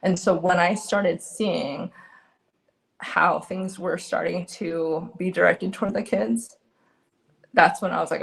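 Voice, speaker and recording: Low, gravelly-voiced woman sharing testimony. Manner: earnest, halting, with many restarts. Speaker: guest. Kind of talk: candid personal testimony.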